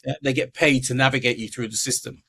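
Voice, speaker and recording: A man's voice: medium pitch, fairly even intonation, fast, sharp tone. A middle-aged man, a podcast guest telling his life story and acting out the voices of the people in it. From England.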